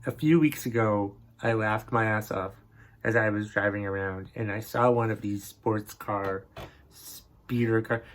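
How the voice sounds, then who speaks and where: A man hosting a comedy podcast, ranting in a grumpy, exasperated and profane way about things that annoy him. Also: lowish voice. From northern New England. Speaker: podcast host. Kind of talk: comedic rant.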